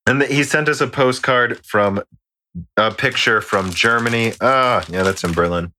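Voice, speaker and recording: A man's voice: mid-range voice, normal speed, pushed and bright, slight background noise. A man co-hosting a podcast in casual chat, joking, swearing and stumbling over foreign words. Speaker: podcast co-host. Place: home recording during quarantine.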